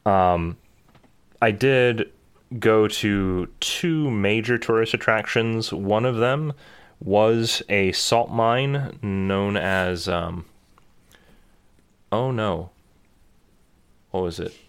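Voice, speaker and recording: A man's voice: fairly low pitch, extremely slow, long pauses, clean tone. A man in casual chat, telling a travel story with lots of fillers and restarts.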